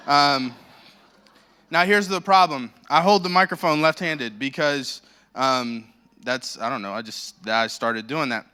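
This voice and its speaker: In a church sanctuary, an American man serving as guest pastor delivers a sermon through a handheld microphone. His mid-range voice is bright, forceful, and clean, a little slow, and he jokes at his own expense while rambling into his message.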